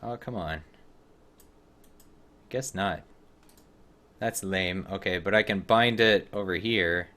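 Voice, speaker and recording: Low-voiced man doing wry game commentary. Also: slow, pauses often, sharp tone. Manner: wry, chatty, talks to himself and to characters on screen. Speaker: streamer. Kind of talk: casual gameplay commentary.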